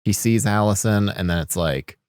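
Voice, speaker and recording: A man co-hosting a podcast with a low voice and a dry, close sound. He rambles casually and slips into lines from the scenes he retells. The mic catches almost no room around him. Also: moderate pace, a little mellow, no echo. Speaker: podcast co-host. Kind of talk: casual chat.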